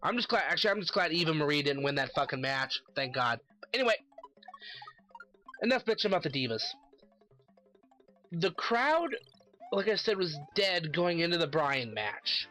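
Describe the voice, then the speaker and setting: A man's voice: fairly high pitch, very animated, moderate pace, pauses often, bright, forceful tone, faint music behind. A man giving a casual solo commentary, ranting animatedly and swearing constantly. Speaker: wrestling commentary vlogger.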